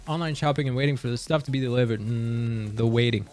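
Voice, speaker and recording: A young man from Canada talking casually on a livestream, reading and answering chat with animated, joking surprise. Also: medium pitch, fast. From Canada, near Montreal. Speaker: livestream streamer.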